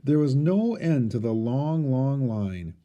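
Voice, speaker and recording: A man, a teacher, reading a storybook aloud with expressive storytelling. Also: medium pitch, takes it slowly, dull audio.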